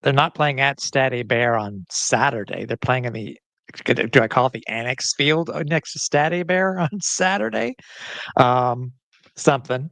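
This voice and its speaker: Brief: male podcast host, mid-pitched, chatty and loose, stops and restarts a lot, dry close mic. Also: a little slow, vocal fry, a bit bright, no room sound. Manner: chatty, with frequent restarts and fillers. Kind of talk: casual sports podcast chat.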